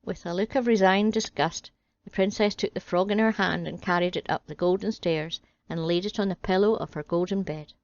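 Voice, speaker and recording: A woman's voice: fairly low pitch, steady tone, a little fast, dry recording, highs cut off. Wry woman reading a fairy tale. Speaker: storyteller.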